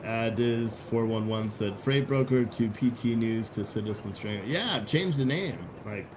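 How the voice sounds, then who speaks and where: A man's voice: mid-range voice, moderate pace, noisy background. A man hosting a casual livestream, rambling bluntly with profanity and restarts while reading out chat comments. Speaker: livestream host.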